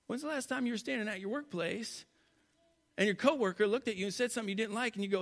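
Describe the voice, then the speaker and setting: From a church stage, a male pastor delivers a sermon to his congregation, swinging between loud, animated passages and hushed, quiet ones. His voice sits high, and he talks fast.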